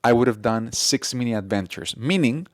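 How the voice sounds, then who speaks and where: A man's voice: mid-range voice, expressive, moderate pace, dry recording. Man, casual podcast co-host, earnest, laughs easily, dry sound.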